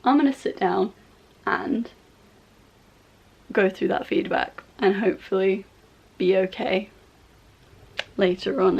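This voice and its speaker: A woman's voice: medium pitch, slow pace, creaky, pauses often, husky, muffled recording. A young woman vlogger venting in casual chat, exasperated and chatty. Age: young adult. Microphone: compact camera.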